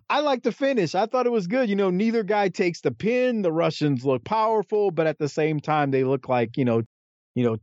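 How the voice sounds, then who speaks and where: In a voice that sits high, a podcast co-host chats loosely about a wrestling match, getting animated as he acts out the wrestlers' lines in a raised voice. There's no echo, though the audio sounds dull.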